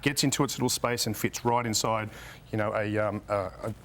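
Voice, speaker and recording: Quick-talking man pitching gear. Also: steady tone, fairly bright tone. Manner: fast, lots of "sort of" fillers. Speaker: product guest. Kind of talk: casual interview.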